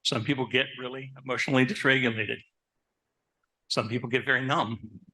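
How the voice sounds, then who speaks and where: A man who works as a therapist, giving a lively talk to an audience, asking them questions and telling stories about his own life. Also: medium pitch, brisk. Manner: animated, asks the audience questions; personal anecdotes, conversational. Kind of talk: live presentation to an audience.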